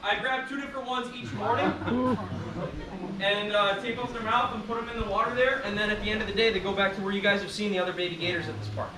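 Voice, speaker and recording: A man's voice: high-pitched, fast talker. A man presenting a live alligator show outdoors, explaining and joking with the crowd. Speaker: alligator handler. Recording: far-off, echoey, loud outdoor noise.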